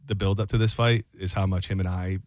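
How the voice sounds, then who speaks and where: A man's voice: sits low, fairly even intonation, quick pace, darkish tone, dry recording. A man hosting a sports talk radio show, loose and rambling with frequent restarts.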